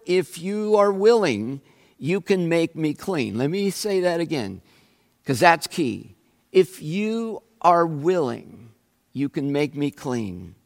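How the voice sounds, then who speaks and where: Slow-preaching man in an echoing hall. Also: sits high. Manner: slow, emphatic preaching with rising questions. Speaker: pastor. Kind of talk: sermon. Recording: long reverb of a large hall.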